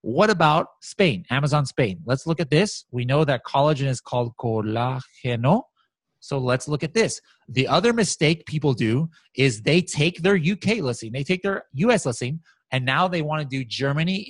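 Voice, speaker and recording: American man, upbeat software demo voice, fairly high pitch, no room echo. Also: normal speed. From United States. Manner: animated, excited, many fillers and restarts. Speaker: guest software expert. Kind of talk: casual screen-share walkthrough.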